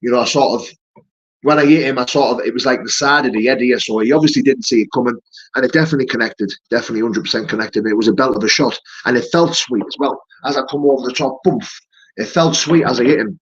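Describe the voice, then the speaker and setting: Matey fighter on a live stream. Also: male voice, mid-range voice, quick pace, breathy edge, highs cut off. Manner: matey, peppers talk with "mate" and "you know". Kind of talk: casual live-stream chat, answering viewer comments.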